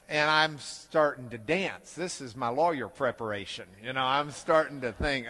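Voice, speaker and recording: Animated storytelling man in a reverberant hall. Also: mid-range voice, normal speed, hardly any pauses. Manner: animated, self-deprecating storyteller. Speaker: Bible teacher. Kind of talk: storytelling lecture.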